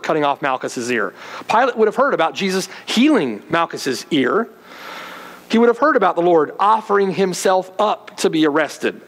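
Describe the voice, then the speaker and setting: A pastor preaching an earnest sermon, retelling scenes vividly. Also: male voice, sits high, a bit bright, in a large hall, rough recording.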